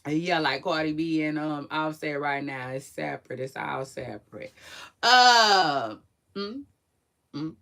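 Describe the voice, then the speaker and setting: A woman giving a casual, slangy reaction commentary, swinging from low mumbles to loud hype. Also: lively intonation, unhurried, creaky.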